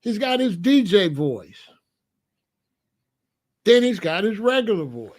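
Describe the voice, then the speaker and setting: A man's voice: sits high, big pitch swings, unhurried, long pauses. A middle-aged man from the United States telling a story in a casual monologue, repeating phrases for emphasis. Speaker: commentator.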